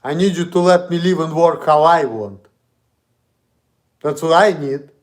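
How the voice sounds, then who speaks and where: A man with a Russian accent, streaming an indignant, profane, repetitive rant. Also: sits high. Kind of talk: ranting monologue.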